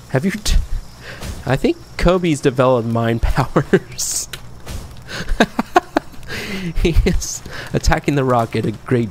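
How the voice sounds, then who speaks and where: A man's voice: medium pitch, slight background noise. A young man giving chatty, playful commentary as he plays a game and talks to his creatures. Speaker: gameplay commentator. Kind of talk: casual gameplay commentary.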